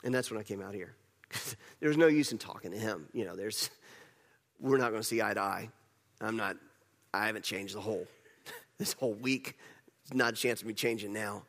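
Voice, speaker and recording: A man's voice: on the low side, normal speed, gravelly, long pauses, a bit bright, big-room sound, voice pushed down. A man playing Jonah as an angry, sulking prophet, telling his grievances in the first person in a sermon monologue. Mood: exasperated. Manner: petulant, exasperated storytelling in first person.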